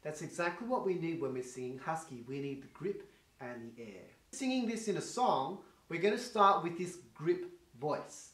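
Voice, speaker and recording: A man teaching a singing lesson in a quick, chatty coaching manner, demonstrating with vocal sounds. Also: a little high, sing-song, a bit bright. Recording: roomy echo, faint guitar behind.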